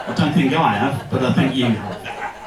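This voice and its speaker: A man's voice: mid-range voice, lively intonation, moderate pace, heavy background noise. Casual man with a London accent hosting. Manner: casual, self-mocking, hesitant fillers. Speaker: interviewer host. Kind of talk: live on-stage interview. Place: stage in a club hall before a live audience. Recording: echoey hall, distant mic, audience.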